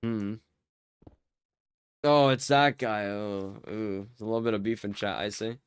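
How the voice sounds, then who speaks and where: A man's voice: fairly low pitch, fairly even intonation, a little slow, smooth, dry recording. A man streaming a game live, chatting casually with his viewers and teasing them with mock offense. He often stammers and repeats words as he jokes. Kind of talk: casual live-stream chat while playing.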